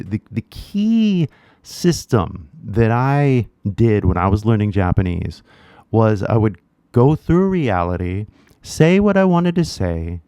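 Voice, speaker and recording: A man's voice: on the low side, warm tone, clear, resonant tone, no echo, clean studio sound. A Californian man giving a casual spoken lesson, chatty and peppering his talk with "right?". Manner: chatty, many rhetorical "right?" tags. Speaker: language teacher.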